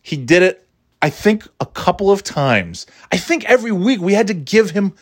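A man's voice: high-pitched, big pitch swings, normal speed. A man in his forties telling a story from his school days in a rambling, profane, self-mocking way. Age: 40s. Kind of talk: casual storytelling.

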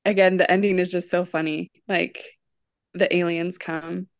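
A young woman co-hosting a casual podcast, giggling often as she retells scenes in an animated way. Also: lowish voice, normal speed, dry recording. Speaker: podcast co-host.

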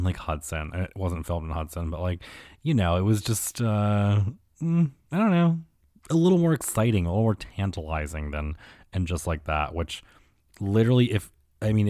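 A man's voice: low-pitched, darkish tone, dry recording, studio quality. A man riffing sarcastically through a year in review, rambling and swearing with constant fillers. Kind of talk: casual year-in-review commentary.

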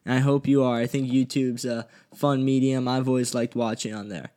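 A man's voice: mid-range voice, steady tone, fairly quick, dark tone. A young man hosting a casual solo podcast, talking bluntly and swearing freely as he rants. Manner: profane, blunt and heated. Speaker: podcast host. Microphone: studio podcast mic.

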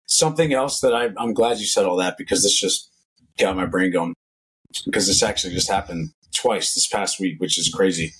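A man guesting on a podcast, a personal trainer in casual chat, telling animated stories and acting out quotes. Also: low-pitched, brisk, slightly rough, low-quality recording. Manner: animated storytelling, acts out quotes.

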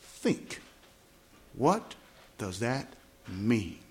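A man's voice: fairly low pitch, very animated, slight background noise. A man with a Southern US accent preaching a teaching sermon at a fellowship meeting, spelling out words and asking the congregation questions. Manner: asks the congregation questions, explains words slowly. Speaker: gospel evangelist. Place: small church fellowship meeting.

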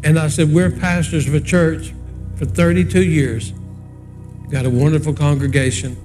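A man's voice: fairly high pitch, fairly even intonation, normal speed, a little mellow, soft background music. A man in his sixties, a pastor, preaching a sermon in a folksy, conversational storytelling way and moving into prayer.

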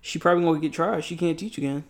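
A young man co-hosting a casual podcast, reading news articles aloud with halting fillers and restarts. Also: a little high, crowd noise. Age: young adult. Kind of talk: casual news-reaction chat.

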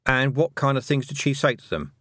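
A man voicing a brisk, diplomatic woman witch who lectures and dismisses with mild impatience. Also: mid-range voice, lively intonation, fairly bright tone, no echo, clean studio sound, pitched above the performer's own voice. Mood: lecturing.

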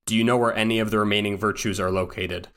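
A man with a lowish voice plays a gruff, blunt soldier interrogator in a spoken tabletop game, sounding brusque. He talks fast in a casual, clipped military way, his tone steady and a bit bright.

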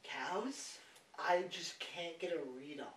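Animated young man telling stories, roomy. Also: a little high, slow. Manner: animated storytelling, swears freely. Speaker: podcast host. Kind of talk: casual chat. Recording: roomy, distant mic.

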